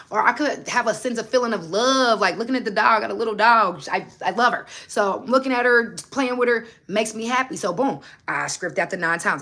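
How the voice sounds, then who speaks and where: A woman hosts a relaxed motivational livestream. Her voice is bright and forward, and her delivery is animated and preachy. She keeps turning to her viewers with pointed questions. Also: medium pitch, a little fast, hardly any pauses. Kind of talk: casual livestream talk.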